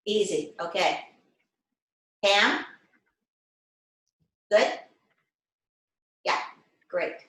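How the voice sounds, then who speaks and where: A woman leads an online class over a video call, explaining each step gently and checking in with her students. Her voice sits at an ordinary middle pitch. The room around her adds a clear echo. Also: very slow, pauses often. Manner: gentle, guiding explanations with frequent check-ins. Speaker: class instructor.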